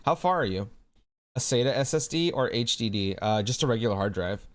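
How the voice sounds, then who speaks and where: A male streamer chatting casually with his viewers in a relaxed way. He swears freely and calls people bro. His voice sits at an ordinary middle pitch for a man. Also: brisk. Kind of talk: casual chat with a live audience.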